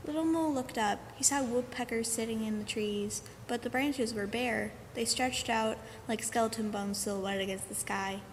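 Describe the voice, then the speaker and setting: A woman narrating a children's picture book aloud in a church, clear and expressive. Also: fairly high pitch, moderate pace, few pauses. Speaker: co-reader of a children's story. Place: church sanctuary. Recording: echoey sanctuary, faint hum.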